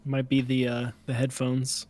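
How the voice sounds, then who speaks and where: A man co-hosting an online show, chatting casually with halting enthusiasm. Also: medium pitch, completely flat delivery, darkish tone. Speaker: podcast co-host. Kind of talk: casual chat.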